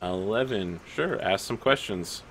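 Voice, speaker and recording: A man's voice: on the low side, unhurried, creaky, fairly bright tone, a little hiss or hum. A man running a tabletop game as game master, patiently explaining how the rules work.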